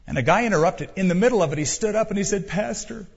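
A male pastor delivers an urgent sermon, pressing his listeners with emphatic appeals. His voice sits fairly high with a husky edge. The recording is dull and lo-fi, with a long hall reverb. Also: expressive, rapid-fire. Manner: emphatic, urging the audience directly.

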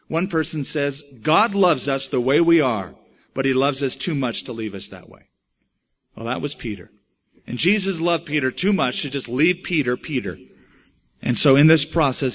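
A man preaching a sermon, telling Bible stories with animated delivery and acting out the quoted voices. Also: fairly high pitch, lo-fi sound. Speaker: pastor.

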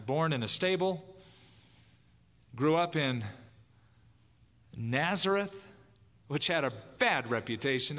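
A man preaching an evangelistic sermon, lively and dramatic, acting out quoted voices. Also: on the high side. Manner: animated, acts out voices in quotes. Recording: long hall reverb.

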